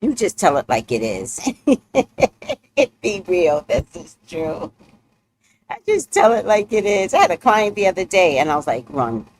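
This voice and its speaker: An outspoken woman hosts a casual livestream chat, blunt and matter-of-fact in what she says. Her pitch swings widely as she tells her stories, and laughter often slips in. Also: moderate pace, pauses often. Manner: animated storytelling with laughs. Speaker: host.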